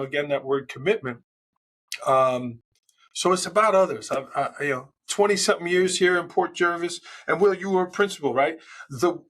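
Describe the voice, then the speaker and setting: A middle-aged man from New York, a school leader telling stories as a podcast guest in a loud, passionate way. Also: on the high side. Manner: passionate, loud storyteller who acts out quotes. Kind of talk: casual interview talk.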